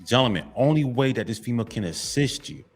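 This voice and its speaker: A man's voice: mid-range voice, expressive, fast talker, faint music behind. A man giving a blunt, repetitive motivational monologue to men, lecturing and half-censoring his swearing. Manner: repetitive, lecturing, keeps addressing "gentlemen". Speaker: men's motivational vlogger.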